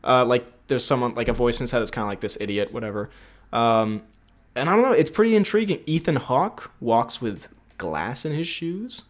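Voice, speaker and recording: A man's voice: mid-range voice, expressive, moderate pace. A young man co-hosting a podcast in casual chat, rambling and laughing often. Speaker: podcast co-host.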